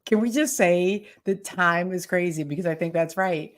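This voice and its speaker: Brief: woman interviewer, slightly low voice, easy conversational delivery, quick to laugh. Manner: chatty, laughs often, effusive thanks. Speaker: host and interviewer.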